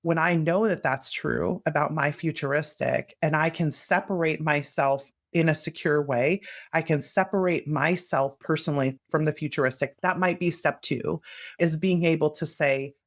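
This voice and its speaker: A woman's voice: low-pitched, moderate pace. A woman guest on a podcast, earnestly explaining her ideas and acting out her own self-talk in casual conversation.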